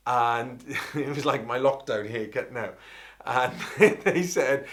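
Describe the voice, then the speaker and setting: Bright-voiced Welsh opera singer telling tales. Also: male voice, medium pitch, a little slow. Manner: animated, rambling, self-interrupting raconteur. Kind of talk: anecdotal storytelling.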